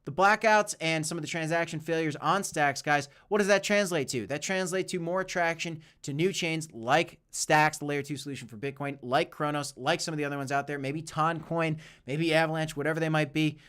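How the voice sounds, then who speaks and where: A man's voice: fairly high pitch, a little fast, few pauses, a bit bright, clean tone. Hyped man hosting a crypto livestream. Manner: casual and hyped, keeps saying "guys". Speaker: crypto channel host. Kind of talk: livestream commentary and Q&A.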